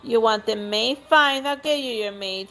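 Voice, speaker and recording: Woman reading a sarcastic lazy count, dismissive, slightly high, faint music. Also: moderate pace, pushed and bright. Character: surly, lazy aristocratic husband, a count. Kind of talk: reading game dialogue aloud.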